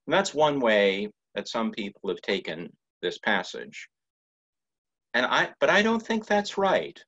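A man preaching a sermon as a guest pastor in a church, in a measured, reflective way with pauses. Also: mid-range voice, sing-song, fairly bright tone, dull audio. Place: church sanctuary.

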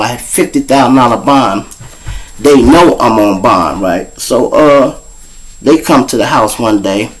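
Guy swearing a lot, chatting to y'all, mid pitch voice. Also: low-quality recording. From Chicago. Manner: profane, keeps addressing the audience as y'all. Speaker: show host. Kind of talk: casual storytelling monologue.

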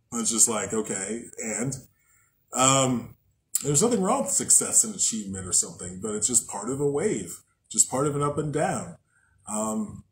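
A man's voice: mid-range voice, a little hiss or hum, poor audio. A man hosting a podcast in a loose, profane, joking casual monologue. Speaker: podcast host. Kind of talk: casual monologue on spiritual practice.

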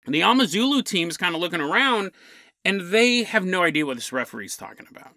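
A man's voice: sits high, sing-song, brisk, pushed and bright, no room sound. A man hosting a paranormal podcast, telling a story with lots of energy and chuckling mid-sentence. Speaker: podcast host.

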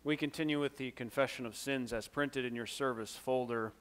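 A male pastor leading a congregation through a liturgical confession, measured and solemn, letting his phrases fall softly at the ends. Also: mid-range voice, steady tone, smooth. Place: church sanctuary.

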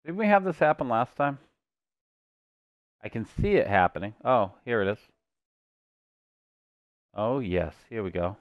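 A man's voice: mid-range voice, animated, unhurried, long pauses, no room sound, studio quality. A man streaming gameplay live, chatting to his viewers and cracking puns as he plays. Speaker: gaming streamer.

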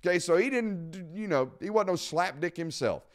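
A man's voice: sits high, animated, normal speed. A man hosting a live sports talk show, emphatic and blunt, repeating points for stress. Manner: blunt, casual swearing. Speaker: podcast host.

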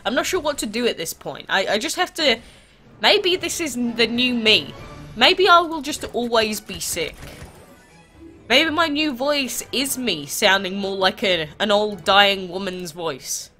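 Woman with a stuffy cold nose chatting about her game, bouncy pitch, lots of questions to viewers. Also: unhurried, faint music behind. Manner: chatty, animated, full of rhetorical questions. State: congested, stuffy-nosed from a cold. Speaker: mobile game channel host. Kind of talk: casual gaming vlog chat.

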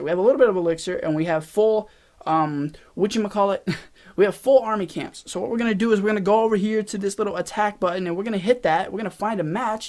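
A young man hosting a gaming channel, rambling excitedly to viewers as he plays a mobile strategy game and comments on each move. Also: high voice. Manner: excitable, rambling, talks to viewers while playing. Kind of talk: casual gameplay commentary. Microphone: face cam.

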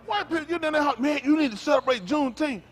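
Talking fast, an older man preaches as a pastor in a heated, foul-mouthed rant that swings from shouting bursts to tired, quiet muttering.

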